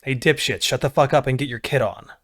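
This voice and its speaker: A man's voice: mid-range voice, fairly quick, fairly bright tone, close to an everyday voice. A man voicing an irritable, authoritative male gunnery sergeant who speaks curtly. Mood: irritated. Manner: curt, irritated.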